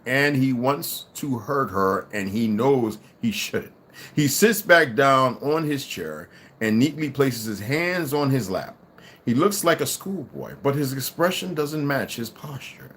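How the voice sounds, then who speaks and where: A man's voice: medium pitch, very animated, measured pace, fairly bright tone, slight background noise. A man reading a story aloud to listeners and breaking off for casual asides.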